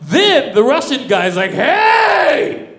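A man telling a wild comic story in stand-up style, profane and animated, often laughing through his lines. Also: high voice, a little slow. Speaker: comedian.

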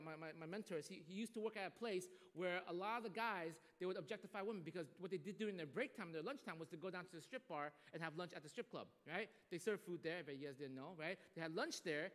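Male pastor, high lively voice, animated sermon delivery, long reverb of a church hall. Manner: animated, acts out quoted voices.

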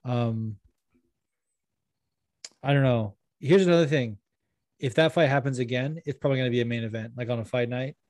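His voice is mid-range with a darkish tone, coming at a normal speed broken by long pauses, in a dry recording. He's a podcast host who rambles casually, fills space with fillers, and laughs easily while going through listener questions.

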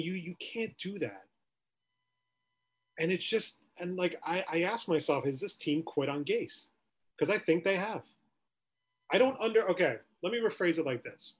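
A man's voice: on the high side, husky. Ranting male sports podcast host. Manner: animated, ranting, rhetorical questions. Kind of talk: casual sports talk.

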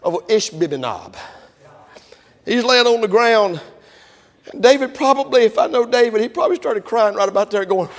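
A man preaching a sermon, telling stories in a folksy way and building up to shouting. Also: sits high, animated, normal speed, long pauses, big-room sound.

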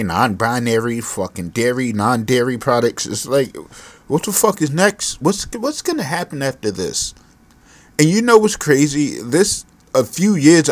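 Exasperated, profane man on a lively rant. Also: mid-range voice, no room sound. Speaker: podcast host; parent. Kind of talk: solo podcast rant.

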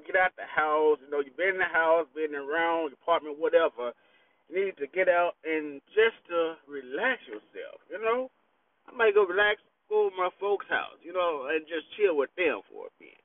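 A high-pitched man rambles, a bit tipsy, swearing and laughing easily. The sound is dry and tinny, like a phone call. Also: no echo. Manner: profane, laid-back, laughs often. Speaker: vlogger. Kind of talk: casual rambling chat. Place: parked vehicle in a park.

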